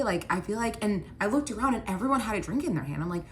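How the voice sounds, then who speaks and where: A woman's voice: mid-range voice, lively intonation, quick pace, few pauses, sharp tone, slight background noise. A woman telling a personal story in a casual storytime style, chatty and full of "like", talking straight to her viewers. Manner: chatty, heavy use of "like"; addresses the viewers directly.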